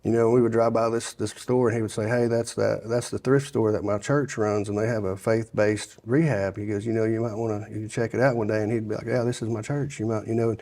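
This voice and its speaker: A man's voice: fairly low pitch, level tone, fairly quick, hardly any pauses, darkish tone. A middle-aged man, telling his life story in a casual interview, rambling with many restarts and "you know"s. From Sevier County, Tennessee. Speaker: guest sharing his testimony.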